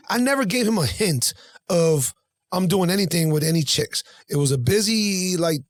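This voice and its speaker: A man in his forties telling a story on a podcast, animated and acting out both sides of a conversation. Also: on the high side, creaky, no echo. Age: 40s. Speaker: podcast guest. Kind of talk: casual storytelling.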